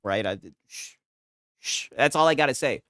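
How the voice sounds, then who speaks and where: A man streaming gaming reactions in casual, excitable commentary, swearing often and laughing a lot. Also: mid-range voice, normal speed, dry recording, clean studio sound.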